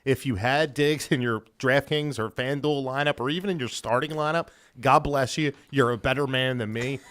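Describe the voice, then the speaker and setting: A man co-hosting a casual sports podcast, brash and excitable, swearing freely. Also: mid-range voice, normal speed. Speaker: podcast co-host.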